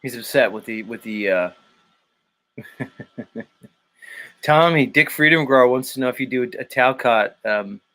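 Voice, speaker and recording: A man's voice: mid-range voice, a little slow, long pauses, sharp tone. A man hosting a morning livestream in casual chat, reading out the chat, laughing a lot and swearing. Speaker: livestream host.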